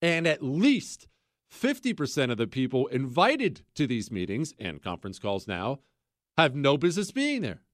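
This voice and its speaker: In clean studio sound without echo, a man with a mid-range, sing-song voice hosts a radio talk show at normal speed. His casual monologue rambles along sarcastically, punctuated by bursts of laughter.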